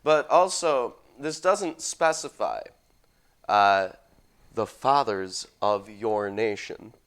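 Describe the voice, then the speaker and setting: A man's voice: lowish voice, slow pace, a bit bright. A man co-hosting a casual discussion, making wry, analytical points.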